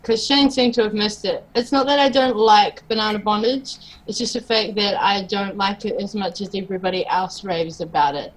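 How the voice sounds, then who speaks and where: A woman's voice: mid-range voice, normal speed, few pauses, low-quality recording. A woman hosting a casual livestream chat, bantering and laughing easily with her co-hosts over a video call. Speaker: show host.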